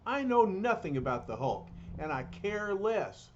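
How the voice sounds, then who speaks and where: A man's voice: high-pitched, sing-song, unhurried, highs cut off, slight background noise, voice pushed up. Man doing a brooding, bitter young scientist.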